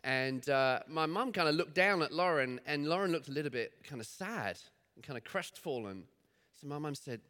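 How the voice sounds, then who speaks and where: A man's voice: a little high, expressive, normal speed, bright, forceful tone. A man preaching a sermon in church in a chatty, storytelling way. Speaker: pastor.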